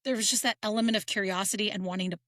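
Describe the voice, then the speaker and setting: Woman co-host, bright forceful tone, rambling casual storyteller, dry sound. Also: medium pitch, steady tone, very fast, no echo. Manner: rambling, restarts mid-story. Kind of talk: casual chat.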